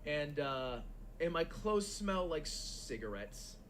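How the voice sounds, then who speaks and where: A young man telling a long, animated story in casual, profane chat as a stream co-host. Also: fairly high pitch, slow pace, slight background noise. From United States.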